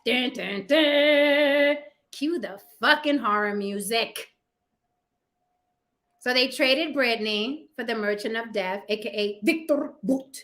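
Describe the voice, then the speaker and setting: A woman delivers casual opinion commentary with a sassy, profane edge, talking straight to her viewers. Her voice sits high and bright, and she takes her time over each point. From United States. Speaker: commentary vlogger.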